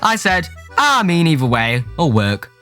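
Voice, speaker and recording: A man's voice: a little high, sing-song, pushed and bright. A young man reading out dating-app chats in a jokey, sweary comic commentary. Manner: jokey, swearing, quick shifts into mock voices. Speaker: YouTuber. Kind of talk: comedic commentary reading chat messages. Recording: faint music behind.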